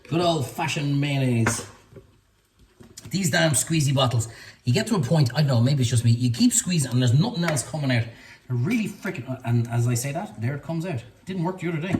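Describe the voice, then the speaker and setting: Irish male cooking host, fairly high and very lively voice, chatty and playful, faint sizzling behind. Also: background noise. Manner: chatty, playful, repeats words in a sing-song way. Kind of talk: casual cooking demonstration. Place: kitchen.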